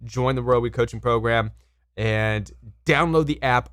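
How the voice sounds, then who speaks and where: Over background music, a man with a medium-pitched voice speaks at a measured pace, coaching viewers on relationships directly to camera. He's emphatic, repeats words, and asks viewers questions.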